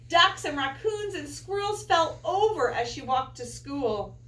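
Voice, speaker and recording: A woman teacher reading a picture book aloud to children, an animated storyteller with playful asides. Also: high-pitched, slight background noise. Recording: echoey room, far from mic.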